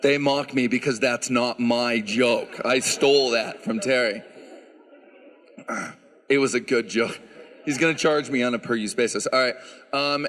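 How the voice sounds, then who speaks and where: A man who directs a handbell choir, answering audience questions at a concert and explaining the instruments in a relaxed, chatty way with frequent "um"s. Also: medium pitch. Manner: explanatory, relaxed, lots of "um" fillers. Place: church sanctuary. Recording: reverberant church hall.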